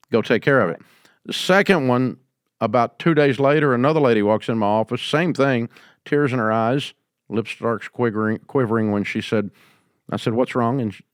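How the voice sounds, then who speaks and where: An older man hosting a business advice show, answering a caller in a folksy storytelling way and going quieter when he quotes people. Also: mid-range voice, dry recording, studio quality. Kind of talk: call-in advice talk.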